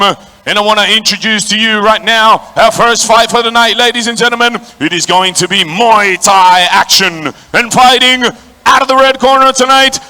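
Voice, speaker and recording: A man's voice: bright, forceful tone, clean tone. A man working as a ring announcer at a boxing stadium, calling out to the crowd and introducing the fighters. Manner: booming, crowd-working, calls out to the audience.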